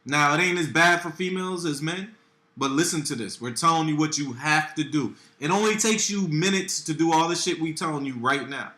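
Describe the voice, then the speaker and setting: Man co-host, slangy and emphatic, higher voice, echoey room. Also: brisk, pushed and bright. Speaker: podcast co-host. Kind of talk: casual chat. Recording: roomy echo.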